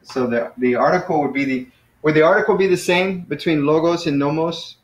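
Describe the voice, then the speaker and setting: A man's voice: fairly high pitch, brisk. Casual man teaching in a roomy classroom. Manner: relaxed, lots of fillers and self-corrections. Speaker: Greek teacher. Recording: roomy, dull lo-fi classroom recording.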